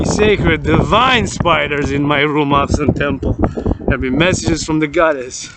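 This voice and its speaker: Vlogger, male, somewhat high voice, rambling and repetitive monologue, recorded outside with heavy traffic noise. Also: a little slow. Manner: repetitive, lists things over and over. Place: outdoors near a street with passing vehicles. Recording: loud traffic noise outdoors.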